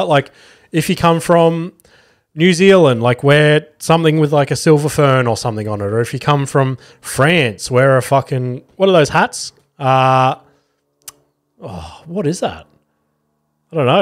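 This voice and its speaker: Rambling, foul-mouthed Australian man. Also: mid-range voice. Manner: rambling and swears a lot. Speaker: podcast host. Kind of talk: casual solo podcast monologue.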